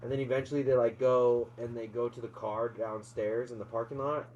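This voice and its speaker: Man, mid pitch, excited swear-heavy movie recap, slightly muffled lo-fi audio. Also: a little fast, a little hiss or hum. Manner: excited, profane, laughing storyteller. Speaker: co-host, movie reviewer. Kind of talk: casual movie review chat. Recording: dull lo-fi sound.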